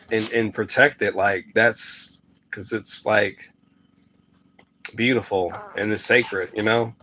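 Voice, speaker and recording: A man's voice: fairly low pitch, fairly bright tone. A man, rambling in a casual vlog to his camera at home and often stopping to talk to his dog. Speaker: vlogger. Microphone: phone camera.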